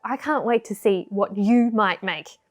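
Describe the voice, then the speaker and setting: A woman's voice: medium pitch, unhurried. A woman teaching a puppet-making workshop for children, cheerful and encouraging. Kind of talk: children's craft tutorial.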